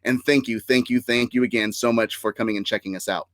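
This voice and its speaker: A man's voice: mid-range voice, fairly even intonation, fast, a bit bright, no echo. Upbeat chatty podcast host, man. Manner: upbeat, chatty, frequent laughs and fillers. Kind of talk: casual live-streamed podcast chat.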